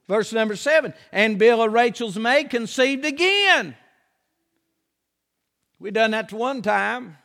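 High gravelly preacher man, folksy, hollers sometimes, big echoey hall. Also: expressive, takes it slowly, long pauses. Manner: folksy, emphatic preaching, shouting on key lines. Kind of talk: sermon.

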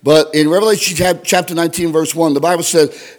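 Male preacher, high voice, fiery-to-hushed sermon delivery, church reverb. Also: fairly even intonation, brisk. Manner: swings from loud high exhortation to hushed storytelling.

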